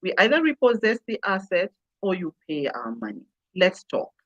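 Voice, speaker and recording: A woman's voice: lowish voice, very animated, moderate pace, fairly bright tone, lo-fi sound. A woman guest in a conversational interview, speaking emphatically and repeating phrases for effect. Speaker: customer experience consultant, guest.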